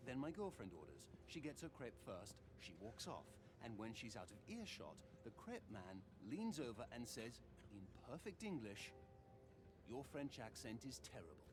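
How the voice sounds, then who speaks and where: An actor playing a relaxed, smooth-talking male treasure thief who tells stories with dry humor. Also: medium pitch, background noise. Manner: wry storytelling, dry humor. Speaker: game character. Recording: game audio with loud ambience.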